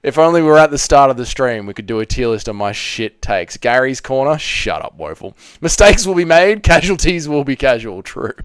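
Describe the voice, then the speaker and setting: A man's voice: medium pitch, big pitch swings, fairly quick, few pauses, clear, resonant tone, dry recording, clean studio sound. Profane, bantering male livestream host. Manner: profane, bantering, self-mocking. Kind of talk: casual livestream chat reading comments.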